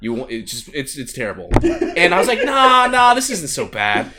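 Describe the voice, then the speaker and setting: A man co-hosting a casual podcast chat, telling a rant with swearing and loud bursts. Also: medium pitch, huge pitch swings, fairly quick, a crowd in the background. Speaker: podcast co-host.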